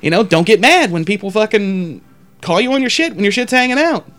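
This podcast host rambles through crude, profanity-filled stories, playing out other people's lines in exaggerated voices. He has a high, expressive, fairly bright voice, speaks fairly quickly, and is recorded without room sound.

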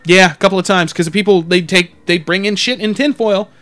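A man in casual chat who tells profane, animated stories and acts out the people in them. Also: high voice, brisk.

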